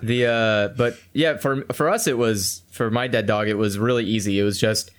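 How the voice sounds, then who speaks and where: A man's voice: fairly low pitch, moderate pace. A young man co-hosting a podcast, telling stories in a blunt, profane way and acting out what people said. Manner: blunt, profane storytelling with acted-out quotes. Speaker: podcast co-host. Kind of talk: casual podcast chat.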